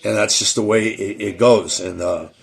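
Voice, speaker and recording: A middle-aged man with a gravelly, somewhat low voice hosts his own talk show. He rambles casually, stumbling over repeated words and restarting his sentences as he goes. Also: steady tone, moderate pace. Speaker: show host. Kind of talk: casual monologue.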